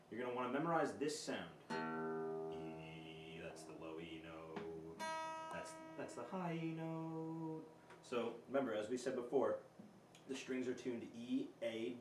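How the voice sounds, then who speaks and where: A man giving a casual guitar lesson in a loose, chatty way with filler words. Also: fairly low pitch. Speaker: guitar teacher. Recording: roomy, distant mic with guitar playing. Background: guitar notes played between phrases.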